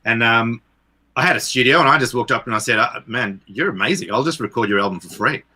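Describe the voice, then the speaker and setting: A man, a composer and producer being interviewed, telling a story in a rambling, self-deprecating way with many halting restarts. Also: medium pitch, bright, forceful tone. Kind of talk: casual storytelling.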